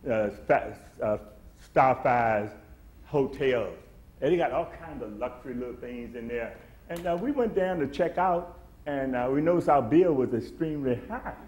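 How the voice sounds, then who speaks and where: A man preaches, his voice sitting a little high as it builds into emphatic swells and acted-out quotes. The sound carries around a roomy, echoey church sanctuary. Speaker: pastor. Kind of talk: sermon.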